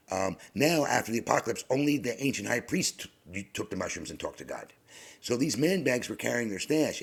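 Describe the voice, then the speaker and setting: Middle-aged male storyteller, deep gravelly voice, rambling and halting, slips into whispers. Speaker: podcast host. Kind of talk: personal storytelling monologue.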